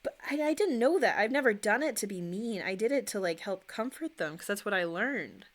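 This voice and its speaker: A woman's voice: mid-range voice, animated, fairly quick. Young woman streamer, rambling casual chat, answers viewers as she paints.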